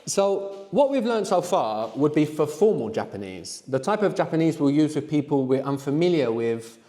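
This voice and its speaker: A man teaching a live language workshop, explaining slowly and prompting his students to answer. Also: fairly high pitch, big pitch swings, warm tone, big-room sound. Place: room with students.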